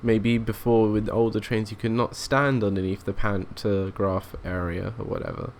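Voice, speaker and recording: A man's voice: lowish voice, level tone, moderate pace, darkish tone, slight background noise. A young man giving casual, rambling commentary while playing a train simulator, thinking aloud and often restarting his sentences. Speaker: let's play gamer.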